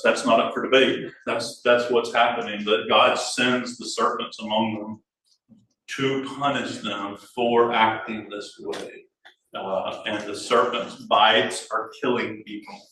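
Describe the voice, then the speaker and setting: A man's voice: fairly low pitch, bright, forceful tone, husky. A man teaching an adult Bible class in a church room, talking things through with frequent restarts and fillers. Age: adult father. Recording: echoey room, voice from afar.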